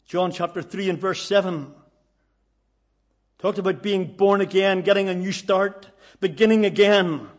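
A man's voice: high-pitched, unhurried. A man delivers a sermon. He speaks earnestly and often repeats his phrases for emphasis. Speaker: preacher.

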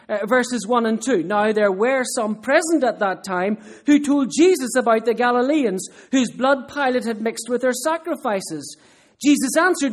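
A man preaching a sermon in an earnest, emphatic way. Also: extremely high pitch. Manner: earnest, emphatic, with rhetorical questions.

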